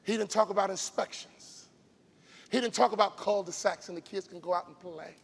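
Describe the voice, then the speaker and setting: Casting: high, gravelly male motivational speaker from Chicago, booming in a reverberant arena. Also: fairly even intonation, a little fast. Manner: emphatic, preacher-like cadence with shouted peaks. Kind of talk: motivational keynote. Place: large event arena stage. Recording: long hall reverb from live arena.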